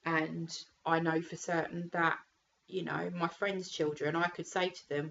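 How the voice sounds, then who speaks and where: Frank, gravelly British mum vlogging. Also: female voice, fairly low pitch, flat delivery, unhurried, muffled recording, a little hiss or hum. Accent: British English. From United Kingdom. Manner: frank, sweary, rambling with fillers. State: tearful, emotionally raw. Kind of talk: candid casual vlog.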